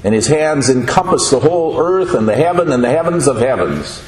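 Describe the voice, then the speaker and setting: A man giving a sermon, speaking slowly and deliberately and asking the listeners questions. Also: mid-range voice, big pitch swings, a little mellow. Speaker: preacher. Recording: echoey room with faint noise.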